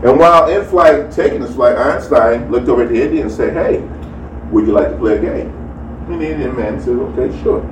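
A man's voice: mid-range voice, a little fast, recorded from a distance. A man preaching as a pastor, chatting casually with many fillers before starting his sermon. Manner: chatty, lots of "you know" and "amen". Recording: roomy, from off the mic, faint noise.

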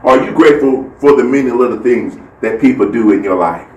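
Speaking a little fast in a mid-range voice, a man gives a casual faith talk, telling a story and animatedly acting out the people in it. The mic is far off in a roomy space, with faint noise behind him.

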